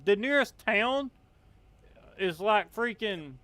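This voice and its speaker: Rambling Southern streamer with a smooth voice. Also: male voice, high voice, animated, slow pace, bright, forceful tone, dry recording. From Appalachian Kentucky, US. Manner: rambling, filler-heavy, drawling. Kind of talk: casual gameplay chat.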